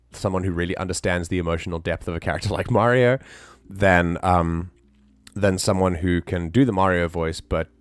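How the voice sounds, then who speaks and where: Chatty low-voiced male streamer, dry close mic. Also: no echo. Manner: rambling, with many restarts and fillers. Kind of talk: casual live-stream chat.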